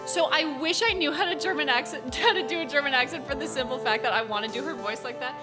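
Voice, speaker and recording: A young American woman chatting through a game stream, animated and giggly and full of "like". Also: sits high, fast talker, hardly any pauses. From United States. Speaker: gaming streamer. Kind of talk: casual gameplay commentary. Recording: game music in the background. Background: game music.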